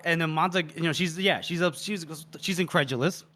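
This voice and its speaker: A man co-hosting a podcast, retelling a book's scene in an animated, chatty way and swearing freely. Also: fairly high pitch, a little fast, few pauses. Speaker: podcast co-host. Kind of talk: casual book-discussion retelling.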